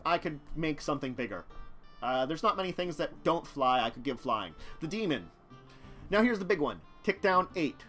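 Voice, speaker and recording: A man's voice: fairly high pitch, big pitch swings, moderate pace, bright, forceful tone, soft background music. A man casually commenting on a live stream about a card-game deck, rambling and talking to his chat. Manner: rambling, chatty, talks to chat, chuckles.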